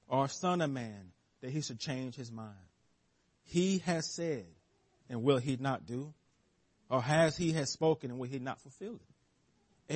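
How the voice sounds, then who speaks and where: Husky-voiced man preaching with emphasis. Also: a little high. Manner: emphatic preaching with rising stresses and repeated phrases. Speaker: pastor. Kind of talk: sermon.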